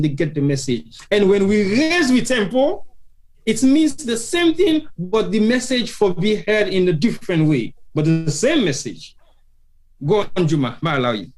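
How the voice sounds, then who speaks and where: A man's voice: sits high, darkish tone. A man with a Sierra Leonean accent hosting a live talk show, stressing his points by repeating phrases. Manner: emphatic, repeats phrases for effect.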